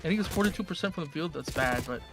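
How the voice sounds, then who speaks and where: A man's voice: on the high side, expressive, rapid-fire, music in the background. A young man chatting casually on a game stream, rambling and teasing with a playful manner. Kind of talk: casual gaming stream chat.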